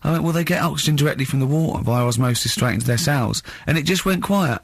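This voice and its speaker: A man's voice: a little high, fast talker, gravelly, dry recording, studio quality. A man hosting a radio show, telling an incredulous, mocking story in radio banter. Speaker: radio host.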